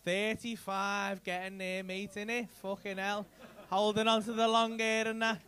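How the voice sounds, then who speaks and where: A man's voice: high-pitched, flat delivery, normal speed, sharp tone. A man doing crowd work in a comedy club, teasing audience members with cheeky, sweary banter into a handheld mic. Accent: English. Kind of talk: live stand-up crowd work. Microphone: handheld stage mic.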